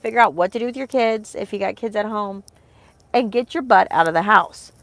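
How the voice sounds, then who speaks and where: A woman's voice: mid-range voice, brisk, a bit bright, no echo. A woman in her thirties, a homeschooling mom vlogging, talking in a rambling, heartfelt way with many fillers. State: emotional, close to tears. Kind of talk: casual chat to camera.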